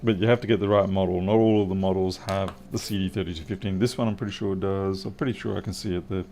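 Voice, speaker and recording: A man with a lowish voice talks his way through a live repair, answering viewers' comments with dry, teasing humor. His tone stays casual and chatty while he works at the bench. A faint background noise sits under his voice. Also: steady tone, quick pace, dark tone. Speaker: livestream repair host.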